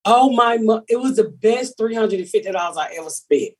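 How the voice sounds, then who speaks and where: A woman's voice: a little high, a little fast. A middle-aged woman, telling a brash, profane story on a casual podcast. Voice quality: very rough, raspy voice. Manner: brash, profane storytelling with big animated quotes. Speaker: comedian and podcast host. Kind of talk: casual chat.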